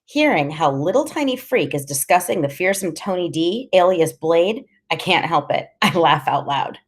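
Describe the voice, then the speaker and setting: A woman's voice: fairly low pitch, lively intonation, normal speed, husky. A woman reading a first-person story aloud in a casual, slangy storytelling manner. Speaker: audiobook reader.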